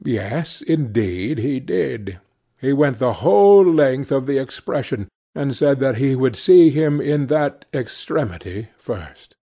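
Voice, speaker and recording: A man narrating a classic novel in a measured, expressive audiobook reading. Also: medium pitch.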